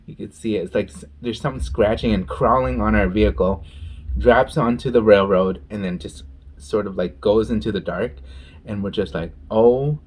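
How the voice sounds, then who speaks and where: A man's voice: on the low side, fairly even intonation, normal speed, a little mellow, slightly rough. A man chatting casually while eating on camera and telling a story, with gushing exclamations and eating sounds. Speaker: mukbang vlogger.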